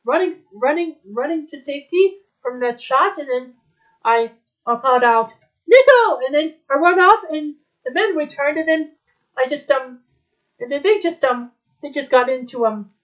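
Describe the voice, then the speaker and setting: A woman retelling a story aloud in a rambling, halting way, with many restarts. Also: sits high, a bit bright. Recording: dull lo-fi recording.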